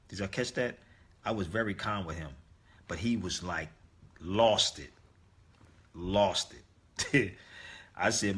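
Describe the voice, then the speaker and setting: A man with a lowish, husky voice talks through a story in a casual monologue. His tone is forceful and tense, and he keeps speaking straight to his listeners with emphasis. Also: expressive, a little slow, pauses often. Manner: emphatic, addresses listeners directly. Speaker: online talk host.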